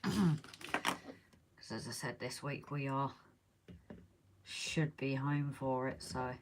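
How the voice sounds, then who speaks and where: Hobby live-stream host: a low-pitched woman who chats casually while she works and is losing her voice. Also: steady tone, extremely slow, a little hiss or hum. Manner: chatty, talks while working, reads out viewer comments. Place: indoors at a model railway layout.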